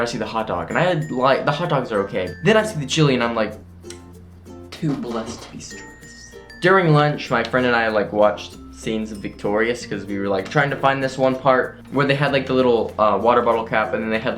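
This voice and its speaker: Teen boy vlogger, casual diary, mid pitch, rambling with "like", faint music behind. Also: a bit bright. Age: teenage. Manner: chatty, full of "like", acts out classmates' lines.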